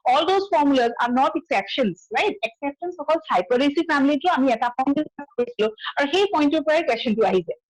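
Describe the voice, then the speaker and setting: A woman with an Assamese accent leads a classroom biology lecture at a high pitch. She talks quickly, switches between English and Assamese, and keeps checking in with her students. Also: low-quality recording. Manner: asks students frequent check questions, mixes English and Assamese. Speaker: biology teacher.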